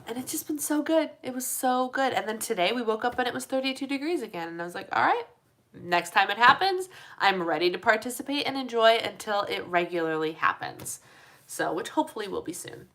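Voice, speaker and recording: A woman's voice: fairly low pitch, a bit bright. A young woman from the United States hosting a casual live stream chat. She talks in a rambling way, laughs often, reads out viewer comments and says her voice is tired.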